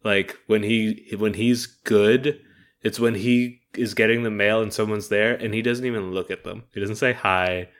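A man's voice: lowish voice, steady tone, normal speed. A man improvising a comedy bit with friends, swearing freely and acting out scenes.

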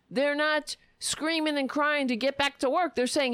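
A woman's voice: high-pitched, lively intonation, a little slow, hardly any pauses, a bit bright, no echo. A woman delivering an angry, profane political rant full of sarcasm.

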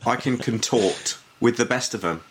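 A man co-hosting a podcast, cutting in with quick playful wisecracks and teasing. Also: medium pitch, slight background noise. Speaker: podcast co-host. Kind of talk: joking banter.

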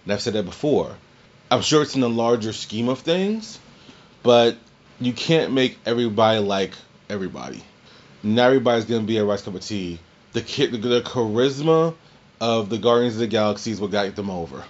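A man's voice: fairly low pitch, lively intonation, fairly quick, highs cut off. A man in his twenties, a podcast host, rambling through a casual recap with frequent restarts and the odd swear.

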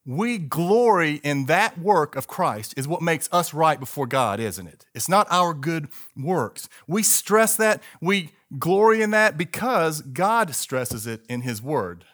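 A man's voice: on the high side, sing-song, slow, few pauses, fairly bright tone. A middle-aged male pastor preaching a sermon emphatically, calling on the congregation to repeat words with him.

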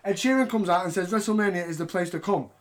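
A man's voice: sits high, fast talker. A man hosting a casual podcast, joking and swearing as he talks. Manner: joking, profane and mocking. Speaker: podcast host.

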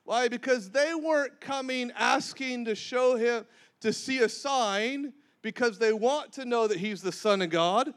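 High-voiced preacher man. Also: measured pace. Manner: animated, acts out scripture dialogue, calls for congregation responses. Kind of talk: sermon.

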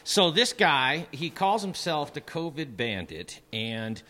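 A man co-hosting a talk show, telling a story in an eager, halting way. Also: a little high, big pitch swings, sharp tone. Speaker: show co-host. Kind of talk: casual studio chat.

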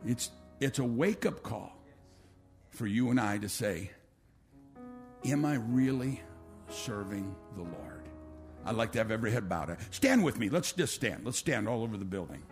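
A male pastor preaching a sermon, swinging between loud, rising calls and quiet, low appeals, acting out quotes and leading an altar call. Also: lively intonation, normal speed, faint music behind.

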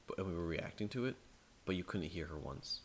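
A man with a very low voice co-hosts a podcast in loose, casual chat. He tells long, rambling stories full of fillers and restarts. A faint hiss sits under the recording. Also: animated, fairly quick. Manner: rambling storyteller, many fillers. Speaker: podcast co-host.

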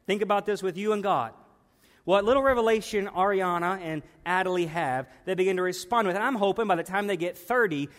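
A man in his thirties preaches a sermon in a church, his voice pitched high. He talks in a conversational, emphatic way and drives points home by repeating them. The sound carries the long reverb of a large hall.

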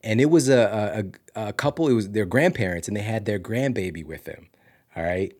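A man from Missouri hosting a podcast, telling a story casually with big swings from loud to hushed. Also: lowish voice, fairly quick. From Missouri, USA. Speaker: podcast host.

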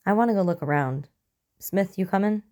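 A woman's voice: medium pitch, brisk, mellow, voice pushed up, lightly acted. Woman doing an eager, jumpy young man.

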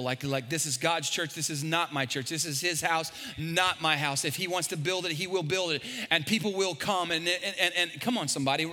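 A man preaching a sermon as pastor, animated and jokey, stumbling and repeating words. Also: fairly high pitch. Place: large church hall. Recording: long hall reverb.

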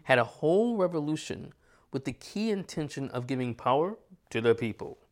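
A man's voice: on the high side, very animated, normal speed. American male astrologer, casual and reflective, rhetorical questions. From United States. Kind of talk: casual conversation.

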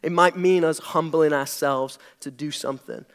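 A man's voice: fairly high pitch, steady tone, moderate pace, clear, resonant tone. A young British man preaching a sermon to his congregation in a chatty, joking way. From Britain. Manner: conversational and jokey, leaning into his words. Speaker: pastor. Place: church hall before a congregation.

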